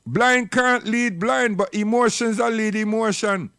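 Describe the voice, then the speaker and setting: High-voiced man ranting on a livestream. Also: fairly even intonation, a little slow, fairly bright tone, clean tone, no room sound, clean studio sound. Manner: preachy, scolding, rambling. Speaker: livestream commentator. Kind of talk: impassioned livestream monologue.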